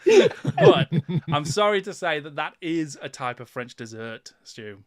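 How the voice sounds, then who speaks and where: A man's voice: on the high side, huge pitch swings, a little slow, crowd noise. A man hosting a casual livestream quiz, playful and teasing, often breaking into laughter. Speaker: quiz host.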